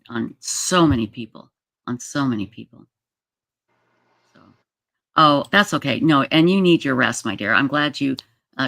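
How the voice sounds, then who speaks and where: A livestream host chatting casually and reading viewer comments aloud, emotional and halting, with many fillers. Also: medium pitch, creaky, a bit bright, dry recording, clean studio sound.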